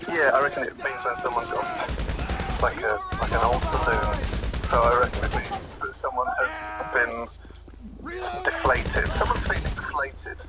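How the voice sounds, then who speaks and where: A man's voice: medium pitch, normal speed, rough recording. A man co-hosting a comedy podcast, playful and rambling as he jokes. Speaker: podcast co-host.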